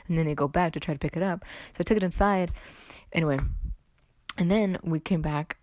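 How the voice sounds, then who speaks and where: A woman's voice: sits low, moderate pace, a little mellow, no echo, clean studio sound. A young woman from California hosting a casual solo podcast, chatty and rambling, a little under the weather. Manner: rambling, chatty, self-interrupting with "like" and "anyway". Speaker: podcast host.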